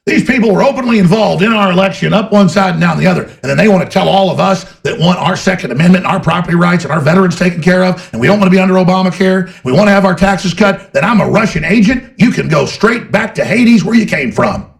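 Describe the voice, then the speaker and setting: A man's voice: high-pitched, fast talker, creaky, hardly any pauses. A man delivering a heated, sarcastic political rant, mocking his opponents. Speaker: political commentator. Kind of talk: ranting political monologue.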